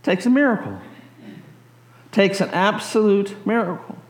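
A man's voice: high-pitched, unhurried, echoey room. A man preaching a sermon, telling stories animatedly and acting out quotes with chuckles. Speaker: pastor.

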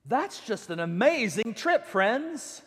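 A man's voice: very high voice, sing-song, slow pace, breathy edge. A man preaching a sermon, telling the story with dramatic swings and acting out the quotes. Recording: long hall reverb.

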